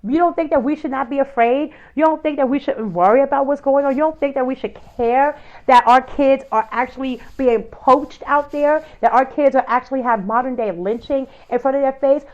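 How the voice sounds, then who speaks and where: A woman's voice: sits high, fairly quick, dull audio. Impassioned woman hosting a talk show. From United States. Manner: impassioned, rhetorical questions, many fillers. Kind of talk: passionate opinion monologue.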